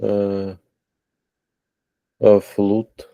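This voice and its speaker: A man studying English in a one-on-one lesson, hesitantly naming single words after long pauses. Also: fairly low pitch, monotone, vocal fry, warm tone, dry recording. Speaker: student. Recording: dull, dry lo-fi sound.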